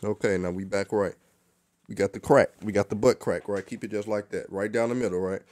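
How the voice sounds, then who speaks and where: A man's voice: fairly low pitch, steady tone, a little fast, darkish tone, no echo. A young man giving a casual, joking hair tutorial, cursing freely and talking in loose street slang. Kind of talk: casual how-to demonstration.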